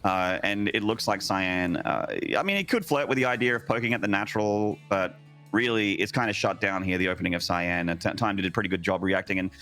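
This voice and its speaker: Low-voiced male esports analyst. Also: pushed and bright, soft background music. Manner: measured, explanatory, playful asides. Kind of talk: live game analysis commentary.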